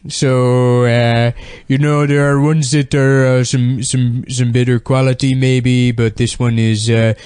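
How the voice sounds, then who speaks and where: A man voicing a nerdy adult man who talks slowly and self-seriously in a made-up quasi-British accent. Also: medium pitch, level tone, darkish tone, clean tone, dry recording, studio quality, lightly acted. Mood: pompous. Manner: slow, hesitant, self-serious. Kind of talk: mocking impression in a podcast.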